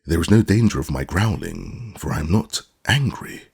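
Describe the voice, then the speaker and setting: A boastful, good-natured beast brags about itself in a rough, gravelly voice, as a man voices it for an audiobook. The tone sits low and husky and swings widely as he boasts. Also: huge pitch swings, moderate pace, darkish tone, heavily acted. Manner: proud, self-important bragging. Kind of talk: audiobook character reading.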